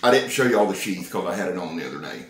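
A fifty-something man with a drawl, hyped up and folksy as he shows off his knives in a casual vlog. His voice sits on the low side, and the room gives it a roomy echo with a faint hum of ambience behind. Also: quick pace. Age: 50s. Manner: excitable, folksy, joking. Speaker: knife reviewer. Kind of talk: casual knife-review vlog. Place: indoor room. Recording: roomy, echoey sound.

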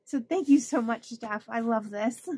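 A woman's voice: on the high side, unhurried, dark tone, slightly rough, no echo. A woman hosting a budgeting channel, chatting casually and gushing as she opens her mail, laughing often. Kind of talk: casual chat opening mail.

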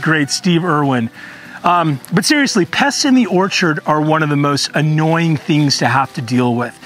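A man's voice: a little high, a bit bright. A man hosting a casual gardening tutorial in his home orchard, talking earnestly with frequent ums. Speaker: gardening channel host.

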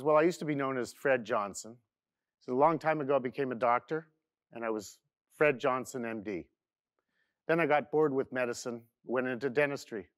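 A man tells a wordplay joke, building it up in steady repeated steps. His voice is medium in pitch and recorded dry and close. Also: no room sound. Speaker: joke teller. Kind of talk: telling a joke.

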